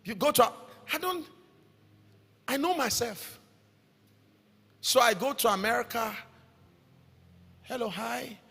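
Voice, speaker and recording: Nigerian male pastor, middle-aged; sharp, husky tone; sing-song delivery that bursts into shouts; hall reverb. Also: very high voice, expressive, measured pace, long pauses. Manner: emphatic preaching, rising to shouts, sing-song cadence. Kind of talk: sermon.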